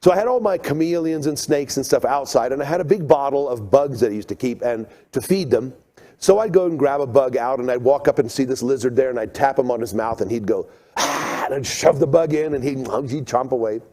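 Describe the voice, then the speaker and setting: A middle-aged man giving a seminar talk, telling stories with lively acted-out moments. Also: medium pitch, fairly quick. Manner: animated storyteller, acts out scenes. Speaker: creation seminar speaker.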